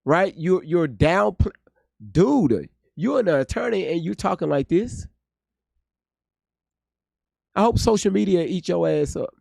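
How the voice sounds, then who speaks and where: Man, gravelly voice, a bit high, blunt profane ranting, dry close sound. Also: expressive, slow, long pauses, darkish tone, no room sound. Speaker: reaction video host. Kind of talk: casual commentary.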